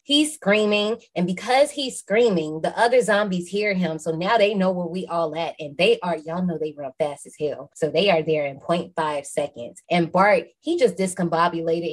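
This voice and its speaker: A woman hosting a podcast, recapping a movie in a lively, slangy, casual way with some swearing. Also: on the low side, breathy edge. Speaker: podcast host.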